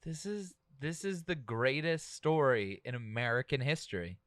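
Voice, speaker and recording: A man's voice: mid-range voice, expressive, normal speed, a bit bright, no echo, clean studio sound. A man co-hosting a podcast and firing off joking reactions to the story. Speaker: podcast co-host. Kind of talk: casual chat.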